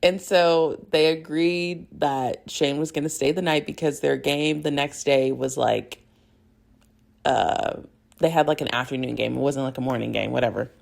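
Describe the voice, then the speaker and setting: A young woman hosting a podcast, recapping a show in a rambling, giggly, excitable way. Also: extremely low pitch, moderate pace, gravelly. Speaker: podcast host. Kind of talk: casual fangirl recap.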